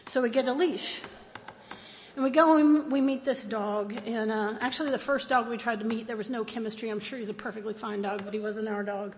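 A woman speaking at a recovery meeting who tells a personal story in an animated, self-mocking way and laughs often. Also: a little high, fairly quick, long reverb tail, slight background noise.

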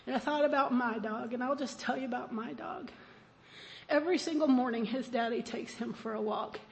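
A woman speaking at a recovery meeting who tells a personal story in an animated, self-mocking way and laughs often. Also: fairly high pitch, fairly quick, creaky, big-room sound.

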